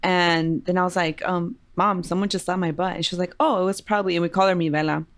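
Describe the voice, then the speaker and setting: A woman's voice: lowish voice, steady tone, fast. A woman co-hosting a podcast, telling stories in a laid-back, dry way and mixing in Spanish. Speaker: podcast co-host. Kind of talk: casual chat.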